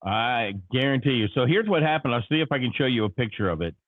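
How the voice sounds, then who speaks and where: A male host chats casually on a live morning show and spins a long personal story, full of fillers and restarts. His voice comes through a narrow, tinny, phone-like line, completely dry. His pitch sits in an everyday middle range. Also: expressive, fast talker, no room sound. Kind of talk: casual on-air chat.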